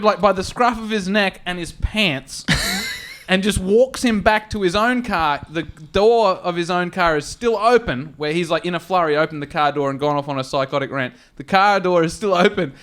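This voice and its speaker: A man telling a funny story on a comedy podcast, swearing freely and acting out the people in it. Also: high voice. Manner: animated, swears a lot, acts out characters with raised voice.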